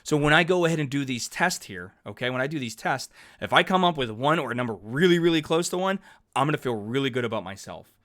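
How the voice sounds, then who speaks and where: Talking fast in an animated, slightly bright mid-range voice, this man teaches calculus on a digital whiteboard. He's upbeat and chatty, reasoning out loud and fixing his own slips step by step as he writes.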